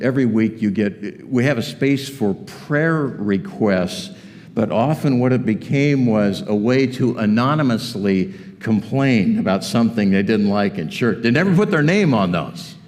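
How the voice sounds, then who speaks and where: Animated male pastor in a reverberant church. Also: on the low side, a little slow. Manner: animated and conversational, joking asides. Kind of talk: sermon. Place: church auditorium. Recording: long reverb of a church hall.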